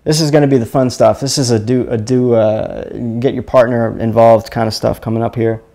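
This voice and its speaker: A man's voice: medium pitch, fairly even intonation, a little fast, gravelly, dark tone. A man from Mississippi hosts a casual live stream. He rambles and chuckles, often stopping to restart his sentences. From Mississippi, USA. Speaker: host of an energy healing live stream.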